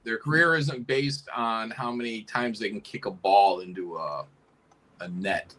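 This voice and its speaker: Co-host, man, bright forceful tone, blunt and dismissive, swears. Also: on the low side, measured pace, poor audio. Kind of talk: casual chat.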